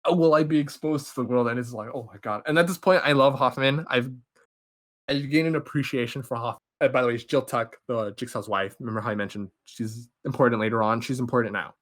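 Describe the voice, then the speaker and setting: Excited young man rambling through a recap. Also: medium pitch. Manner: excited, rambling, acts out characters' lines. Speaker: podcast host. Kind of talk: casual movie recap.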